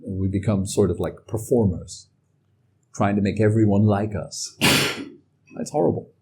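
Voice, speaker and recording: A man giving a calm, reflective talk as a meditation teacher. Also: on the low side, normal speed, slight background noise. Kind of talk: dharma talk.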